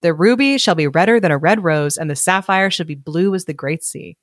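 A devoted little male swallow from a storybook, speaking tenderly, as a woman reads him aloud in a lowish, dry, close voice. He pleads softly and sounds gentle and loyal. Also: fairly quick, no echo, lightly acted.

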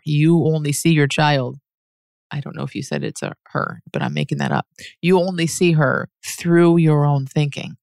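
Gravelly, patient teacher voice, dry sound. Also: mid-range voice, no room sound. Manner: earnest, patient, reasons aloud and often restarts sentences; laughs softly mid-sentence. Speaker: teacher answering a listener's question. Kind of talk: reflective spoken teaching monologue.

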